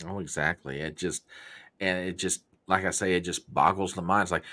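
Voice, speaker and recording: A man from the American South with a Southern accent, hosting a casual chat and telling folksy sayings in an animated way. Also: sits low, a little fast. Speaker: podcast host.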